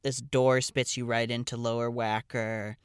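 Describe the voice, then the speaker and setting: A man spins a comedic personal tale for his podcast, wandering off on asides in a wry, offhand way. His voice is smooth and clear, at an ordinary middle pitch. The sound is close and dry, with no room around it. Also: flat delivery, measured pace, dry recording. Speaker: podcast host and storyteller. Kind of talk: casual comedic storytelling.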